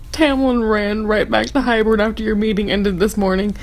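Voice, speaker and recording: A woman's voice: medium pitch, steady tone, measured pace, a little mellow, low-quality recording. A young woman vlogger reacting to a fantasy novel in a dramatic, sarcastic, gushing fangirl ramble. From Texas. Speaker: book vlogger.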